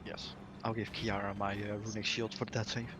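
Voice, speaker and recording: A man's voice: lowish voice, level tone, fairly quick. A man playing a tabletop game, speaking casually and often asking about the rules. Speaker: player.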